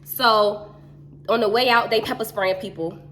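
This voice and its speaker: A woman telling a story in a casual chat, animated and slangy. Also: mid-range voice, normal speed, a little hiss or hum.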